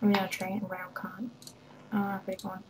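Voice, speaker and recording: A woman's voice: medium pitch, completely flat delivery, normal speed, slight background noise, low-quality recording. A woman giving a rambling, hesitant walkthrough of her game server, full of ums and little laughs. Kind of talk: casual game walkthrough commentary.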